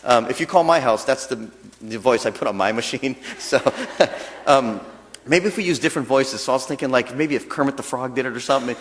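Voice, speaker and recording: Speaking briskly at a medium pitch, a man serving as a temple minister gives a chatty dharma talk full of jokes. The temple hall he's in adds a long reverb to the recording.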